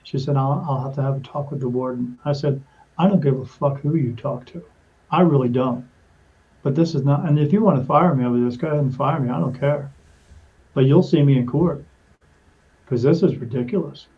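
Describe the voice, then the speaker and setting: A man's voice: mid-range voice, fairly quick. Man telling a story with a dull, muted sound. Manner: animated, acts out quoted dialogue, frequent restarts. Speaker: podcast guest. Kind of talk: storytelling in casual conversation.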